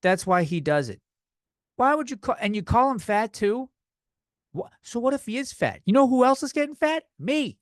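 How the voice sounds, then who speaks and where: With a very high-pitched, sing-song voice at normal speed, this young man rambles through a comedic rant on his podcast. He's loose, profane, a bit tipsy, and slightly out of breath, captured in studio quality with no room sound.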